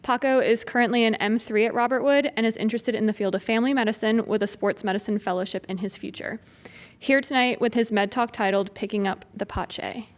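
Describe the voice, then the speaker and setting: A woman's voice: on the high side, fairly even intonation, fairly quick. A woman emceeing an event, reading a formal introduction of the next speaker in an event room.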